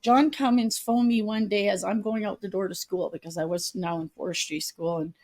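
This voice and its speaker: A woman's voice: mid-range voice, steady tone, a little fast, darkish tone. Middle-aged lady guest on a podcast, earnest storytelling, does little voices for people in her story. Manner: earnest, acts out the people she quotes. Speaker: podcast guest, public advocate. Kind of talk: personal storytelling in a conversation. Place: retreat venue.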